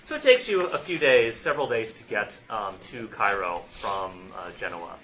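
A man narrating as game master of a tabletop game, halting often and correcting himself as he goes. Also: on the low side, animated, pushed and bright. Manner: halting, with many fillers and self-corrections.

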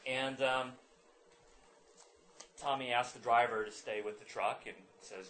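A man running a tabletop game as game master, narrating in a halting way with many fillers and restarts. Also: medium pitch, steady tone, fairly bright tone.

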